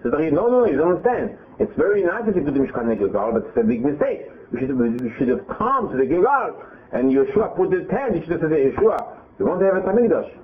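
A man giving a lively Torah class, retelling scripture as quoted dialogue with frequent restarts. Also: fairly high pitch, fast. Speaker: Torah teacher. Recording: tinny phone-like audio.

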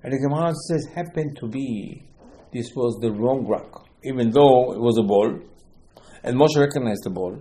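Animated man teaching a Torah lesson. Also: medium pitch, moderate pace, rough recording. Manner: storytelling with acted quotes, rhetorical questions, rising emphatic bursts.

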